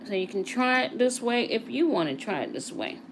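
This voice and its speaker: A woman's voice: fairly high pitch, very animated, brisk. Woman, casual nail-tech tutorial voice, talks to viewers while working, light background hiss. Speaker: nail technician. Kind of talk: casual live tutorial chat.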